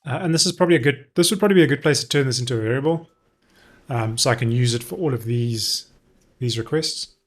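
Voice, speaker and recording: A man's voice: mid-range voice, fast talker. A man live-streaming a coding session, explaining his steps casually as he thinks aloud with frequent ums and self-corrections.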